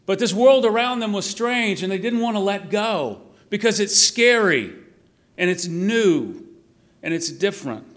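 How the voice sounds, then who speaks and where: A middle-aged man preaching an Easter sermon, with slow, emphatic repetition and quiet, falling line endings. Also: sits high, animated.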